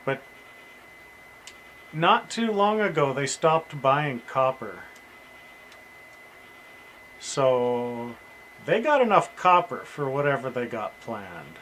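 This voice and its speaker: Slow-talking guy, kinda high voice, faint hum behind, casual chat. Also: big pitch swings, fairly bright tone, low-quality recording.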